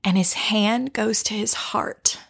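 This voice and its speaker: Sharing a personal story, a woman coach gently leads listeners into reflection, speaking softly and slowly and frequently falling to a whisper. Her medium-pitched voice is slightly rough with vocal fry, and her intonation stays fairly even.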